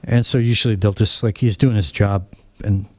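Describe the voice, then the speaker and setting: A man's voice: on the low side, fairly even intonation, normal speed, darkish tone, no room sound. A man hosting his own channel, telling a casual story in a rambling, blunt and opinionated way. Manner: rambling, acts out quoted dialogue. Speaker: channel host.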